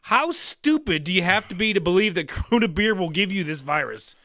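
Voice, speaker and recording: A man's voice: high-pitched, animated, a little fast, bright, forceful tone, dry recording, clean studio sound. A man co-hosting a casual podcast, joking around playfully and animatedly. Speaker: podcast co-host.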